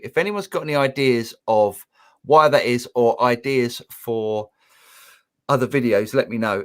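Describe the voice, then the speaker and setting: A man co-hosting a live music Q&A stream, upbeat and reading out viewer comments and questions. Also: mid-range voice. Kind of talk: casual live-stream chat.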